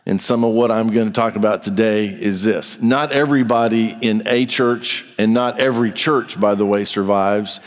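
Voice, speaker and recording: Blunt male pastor preaching in a hall. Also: on the low side. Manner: direct, blunt, conversational preaching with rhetorical questions. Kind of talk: sermon. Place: church sanctuary. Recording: long reverb of a large hall.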